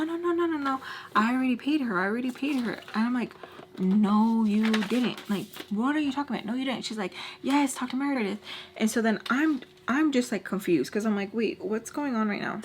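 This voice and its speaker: A woman's voice: mid-range voice, a little hiss or hum. A young woman vlogger telling a story in a chatty way, acting out the people she quotes. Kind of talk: casual storytelling.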